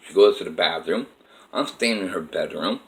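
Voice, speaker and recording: A man's voice: deep voice, expressive, brisk, a bit bright, a little hiss or hum, rough recording. A man telling a personal story in a rambling, emphatic way with many fillers.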